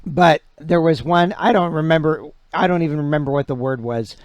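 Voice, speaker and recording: A man hosting a casual livestream interview, halting, with many restarts and fillers. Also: on the high side, darkish tone, no echo. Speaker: livestream host.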